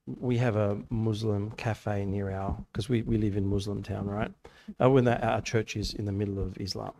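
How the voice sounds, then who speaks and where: A youth meeting speaker addresses young people in a church hall, using stories and rhetorical questions in a casual sermon. His voice sits lowish, with vocal fry and a slightly mellow quality.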